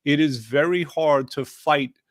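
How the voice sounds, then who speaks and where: A man's voice: a little high, unhurried, dry recording, clean studio sound. A man hosting a casual wellness chat, playful and persuasive, mixing jokes into his coaching over a video call. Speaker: wellness program coach and host.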